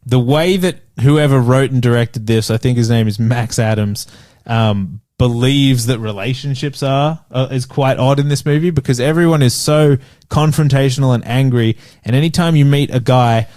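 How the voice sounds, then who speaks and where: A man's voice: medium pitch, moderate pace, hardly any pauses, darkish tone. A man co-hosting a comedy film podcast, retelling scenes in a rambling, amused way. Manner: rambling storyteller who acts out scenes and laughs. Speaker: podcast co-host. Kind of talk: casual comedic film review chat.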